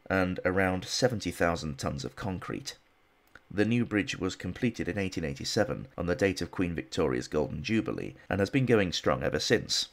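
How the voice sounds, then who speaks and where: A man's voice: deep voice, gravelly. A man narrating a history documentary in a scripted style with dry, wry asides.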